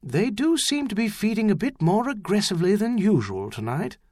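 A man reading the part of a tall nobleman in an audiobook, speaking quietly and evenly. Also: high-pitched, very animated, no room sound, clean studio sound, pitched above the performer's own voice, exaggerated voice. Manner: quiet, measured.

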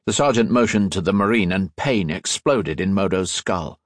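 A man narrating an audiobook in a measured, steady storytelling voice, close on the mic. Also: deep voice, dry recording. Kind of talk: scripted narration.

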